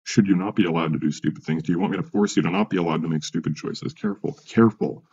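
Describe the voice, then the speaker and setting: A man's voice: sits low, quick pace, vocal fry, darkish tone, lo-fi sound, slight background noise. A man ranting in a rambling, profane monologue, full of restarts and asides, as a vlogger.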